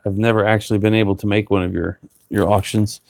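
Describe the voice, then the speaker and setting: A man talking casually and rambling with many fillers, a licensed auctioneer who breaks into a rapid auction chant. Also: on the low side, little pitch movement, gravelly, a little mellow, no room sound. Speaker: reseller and auctioneer. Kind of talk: casual live chat.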